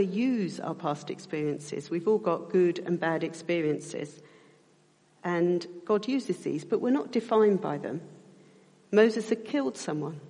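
A woman's voice: medium pitch, dark tone. Reflective woman preaching in a reverberant church. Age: middle-aged or older. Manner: reflective, slows for emphasis. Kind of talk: sermon.

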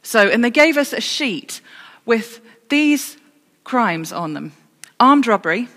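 Preaching in a church full of reverb, a woman speaks slowly in a somewhat high, slightly bright voice and is very animated. Her sermon is storytelling laced with self-corrections and dry humour.

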